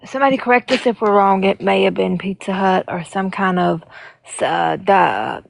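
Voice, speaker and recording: A woman's voice: mid-range voice, normal speed, gravelly, no echo. A woman co-hosting a casual live commentary stream, chatty and plainspoken. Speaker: co-host.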